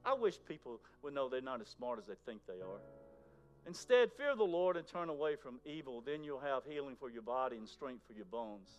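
A man's voice: mid-range voice, big pitch swings, a little fast. Man preaching over faint music. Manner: conversational preaching, swings from loud to whispered. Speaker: pastor. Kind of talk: sermon.

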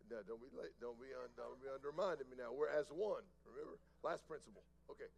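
A middle-aged man preaching a sermon, telling a personal story softly and then building to loud, slow emphatic preaching. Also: mid-range voice, vocal fry, low-quality recording. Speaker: pastor.

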